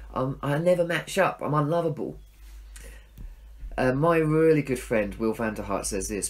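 A middle-aged man giving a sermon in a conversational, self-deprecating way, acting out his own inner voices. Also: mid-range voice. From England. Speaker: pastor.

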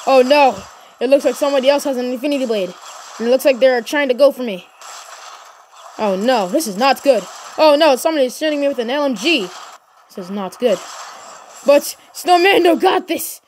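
A high-pitched woman narrates her gameplay in bursts of energy, cheering on her teammate and yelling whenever things heat up. A faint hum of background noise sits under her voice. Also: normal speed. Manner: energetic, shouts encouragement and cheers. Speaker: gaming channel host. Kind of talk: excited gameplay commentary.

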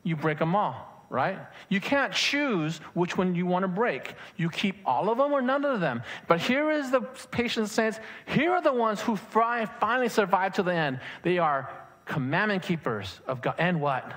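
Animated man preaching a sermon. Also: high-pitched, moderate pace. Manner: animated preaching with rhetorical questions to the congregation. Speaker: pastor. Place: church sanctuary.

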